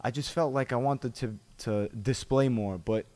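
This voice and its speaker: A man's voice: medium pitch, unhurried, darkish tone. A man, a professional fighter, talking reflectively in a podcast chat, with many restarts and repeated phrases.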